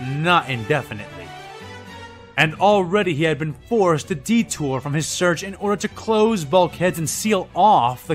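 Man narrating a story over faint music. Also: a little high. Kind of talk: scripted audio drama narration.

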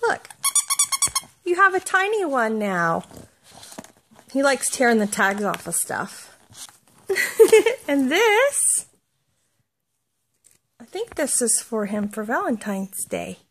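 Excitable woman gushing over her pets. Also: fairly high pitch, measured pace, pauses often, breathy edge. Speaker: vlogger. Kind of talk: casual unboxing vlog.

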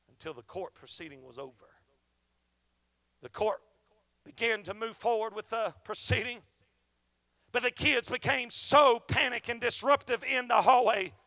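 High, gravelly impassioned male preacher. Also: dry recording. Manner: impassioned, shouting preaching with dramatic storytelling. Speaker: evangelist preacher. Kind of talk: revival sermon.

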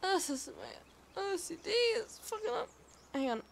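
A woman's voice: very high-pitched, sing-song, unhurried, creaky, a little hiss or hum. A woman streaming a game live, chatting casually, swearing freely and talking back to the game and her chat.

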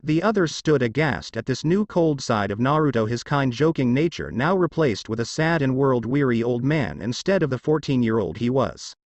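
A man's voice: mid-range voice, expressive, moderate pace, few pauses, no room sound. A man narrating a fan fiction story in a plain read-aloud manner.

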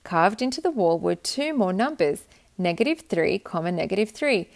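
A woman reading a children's picture book aloud with gentle, expressive narration. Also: medium pitch, normal speed, vocal fry. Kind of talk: storybook read-aloud.

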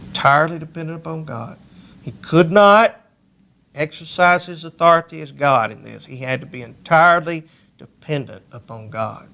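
A male pastor preaching a sermon, reading scripture aloud and pressing key words with slow emphasis. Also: a little high, a bit bright. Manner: reads scripture aloud in King James wording.

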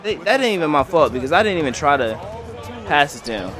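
A young man commentating live on his own basketball video game, excitable and trash-talking at the screen. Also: fairly high pitch, quick pace. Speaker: gaming commentator. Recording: game music and crowd noise faintly behind. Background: faint game music and arena crowd.

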